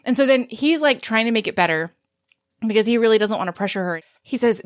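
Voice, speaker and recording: A woman co-hosting a casual chat, retelling a novel's scenes in an animated way and acting out the characters' lines. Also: a little high, quick pace, no room sound, clean studio sound. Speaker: podcast co-host.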